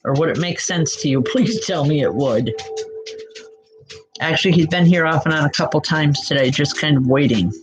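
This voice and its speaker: A woman giving spiritual readings live to online viewers, speaking gently and reassuringly, calling people by name with many soft hesitations. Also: sits low, normal speed. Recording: dull lo-fi sound with music behind. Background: background music.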